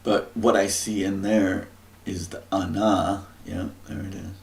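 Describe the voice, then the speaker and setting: A man thinking aloud through a scripture and word study, often clearing his throat. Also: deep voice, flat delivery, a little slow. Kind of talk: musing scripture study talk.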